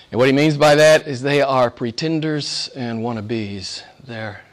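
A man preaching a sermon as pastor, conversational with chuckled asides, dropping to hushed whispers and rising to loud emphatic peaks. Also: medium pitch, slow.

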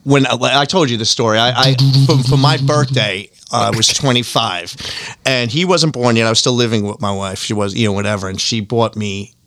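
A man in his forties in casual chat, an excitable storyteller who laughs through his tales. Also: medium pitch, a little fast.

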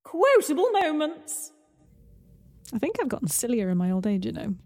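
A woman's voice: medium pitch, expressive, very fast, dark tone, no echo, studio quality. A woman co-hosting a podcast in casual chat, giving informative recaps with brief fillers. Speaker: podcast co-host.

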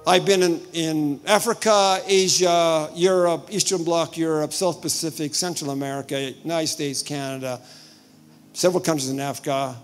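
An older man with a high voice preaches, acting out his stories and breaking into sudden loud bursts. Faint music plays underneath him. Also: steady tone, moderate pace. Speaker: visiting preacher. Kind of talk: sermon with personal stories.

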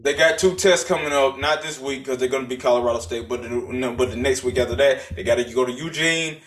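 A man's voice: mid-range voice, fast, fairly bright tone. A young man co-hosting a casual sports podcast, talking in a mock-formal, wordy analyst style. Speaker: podcast co-host.

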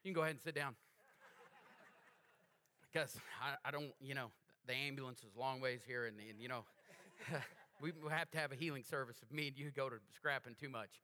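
Male pastor, bright and forceful, animated call-and-response preacher. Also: medium pitch, fairly quick, pauses often. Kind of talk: sermon.

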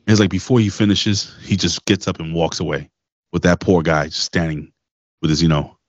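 A man's voice: low-pitched, fairly even intonation, normal speed, no echo, highs cut off. A man co-hosting a casual wrestling podcast, loose and profane, telling stories in a rambling way. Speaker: podcast co-host.

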